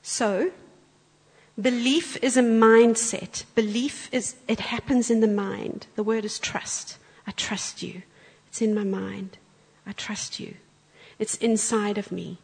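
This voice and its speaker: Woman guest preacher, animated storyteller, husky and echoing in a church. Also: a little high, a little slow. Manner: animated storyteller, acts out quotes. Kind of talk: sermon with storytelling. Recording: church hall with long reverb.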